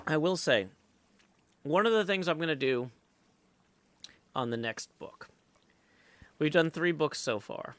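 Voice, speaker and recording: A man's voice: fairly high pitch, lively intonation, measured pace, long pauses, fairly bright tone. A man live streaming while he plays, chatting casually and thinking aloud with lots of fillers, and greeting viewers in the chat.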